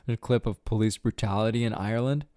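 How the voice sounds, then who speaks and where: Man, low smooth voice, dry close sound, rambling podcast rant, casual swearing. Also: warm tone, dry recording. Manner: rambling, swears often, laughs at own jokes. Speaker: podcast host.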